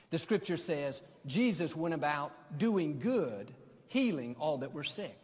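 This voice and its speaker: Brief: male pastor, higher voice, emphatic sermon delivery, long reverb of a big church. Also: animated, measured pace. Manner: emphatic preaching cadence.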